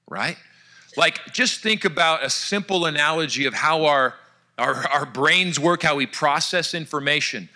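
A man preaching a sermon, telling an illustration with animated energy and dropping to soft, hushed tones for emphasis. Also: a little high. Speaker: pastor.

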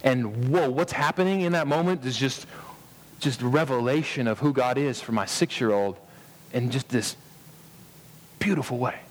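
A man in his thirties preaching a sermon as a pastor, earnest, pausing for emphasis and often restarting his words. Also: medium pitch, long reverb tail.

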